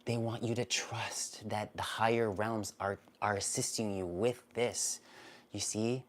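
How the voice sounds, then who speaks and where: A man hosting a live-streamed card reading, talking gently and soothingly, often repeating himself. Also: fairly low pitch, steady tone, measured pace. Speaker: spiritual card reader, live stream host.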